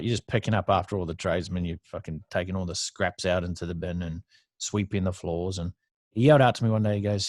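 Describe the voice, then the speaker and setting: Laughing frequently, an Australian podcast guest in his thirties recounts past stories bluntly and with plenty of swearing in a casual storytelling interview. He has a deep voice, and the recording is dry.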